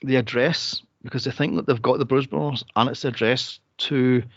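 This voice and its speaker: A man hosting a movie podcast in casual chat, animated and laughing often as he acts out quotes. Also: mid-range voice, a little fast, no room sound, muffled recording. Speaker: podcast host.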